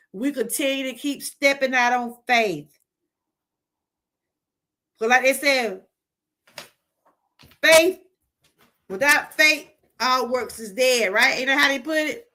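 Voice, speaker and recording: A middle-aged woman from Georgia hosts a casual livestream, her voice sitting high, pushed and bright. She gives a heartfelt testimony, speaking straight to her viewers and reading out the chat.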